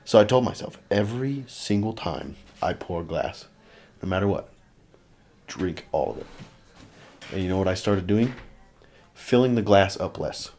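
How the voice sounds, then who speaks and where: A man's voice: sits low, animated, normal speed, pauses often, darkish tone, a little hiss or hum. A young man hosting a podcast, chatting casually and rambling with lots of fillers. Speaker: podcast host. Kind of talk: casual chat.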